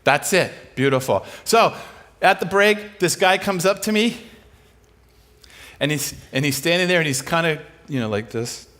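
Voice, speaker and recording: High-voiced preacher telling a story. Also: male voice, a little slow. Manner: animated, acts out dialogue in shifting voices. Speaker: guest preacher. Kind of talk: sermon storytelling. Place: large church auditorium.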